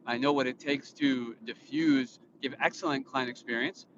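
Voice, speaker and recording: A man's voice: mid-range voice, steady tone, normal speed. A man in his thirties, filming himself on a phone in a car for a casual vlog monologue. He rambles with many fillers and restarts, in an indignant, lecturing tone. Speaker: vlogger and father. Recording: muffled, with road noise. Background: vehicle noise.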